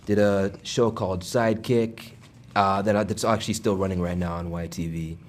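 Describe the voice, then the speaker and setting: A man who works as a voice actor, talking in a relaxed, easygoing way during an interview at a fan convention. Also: sits low, normal speed. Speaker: voice actor guest. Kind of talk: casual interview.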